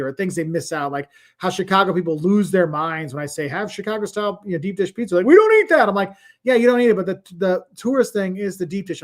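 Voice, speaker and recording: Middle-aged male host, fairly high voice, loose conversational delivery, drifts between viewer questions. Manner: chatty, rambling, reads viewer comments aloud. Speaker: travel livestream host. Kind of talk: casual livestream Q&A.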